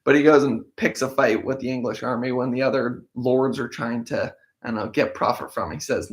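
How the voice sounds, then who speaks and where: Speaking a little fast with hardly any pauses, this man has a mid-range voice and a steady tone. He's a Bible-in-a-year podcast host who reads scripture aloud, then gives casual commentary, thinking out loud and restarting now and again.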